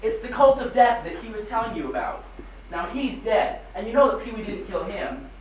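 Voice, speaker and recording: A woman's voice: a little high, lively intonation, moderate pace, darkish tone, slight background noise, natural voice. An actress playing an urgent, anxious young woman pleading a case in an old film. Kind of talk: 1940s film acting. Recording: echoey, distant, dull old film soundtrack.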